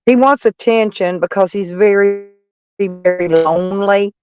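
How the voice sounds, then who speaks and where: A woman's voice: mid-range voice, a little slow, darkish tone, clean tone, no echo, lo-fi sound, soft background music. A middle-aged woman chatting casually on a live stream, mocking and sarcastic toward trolls in her chat. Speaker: van life streamer.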